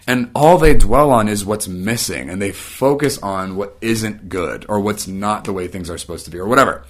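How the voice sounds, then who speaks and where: A man giving a casual but emphatic faith-based talk, swinging between animated, raised passages and low, quiet ones, with casual fillers throughout. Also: moderate pace. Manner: emphatic, builds to animated peaks then drops low and quiet; casual, filler-heavy phrasing. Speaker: Christian teacher.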